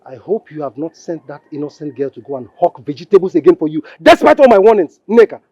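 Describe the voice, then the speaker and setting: A man's voice: fairly high pitch, lively intonation, quick pace, darkish tone, dry recording. A man with a Nigerian accent playing a stern husband who scolds his wife to protect his niece. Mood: scolding. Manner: scolding and warning. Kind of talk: Nollywood film acting. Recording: dull, slightly lo-fi film sound.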